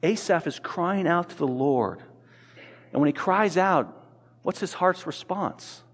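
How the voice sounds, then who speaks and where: A man's voice: a little high, lively intonation, unhurried, big-room sound. A man preaching a sermon as pastor, earnest, often repeating words as he builds toward his point. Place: church sanctuary.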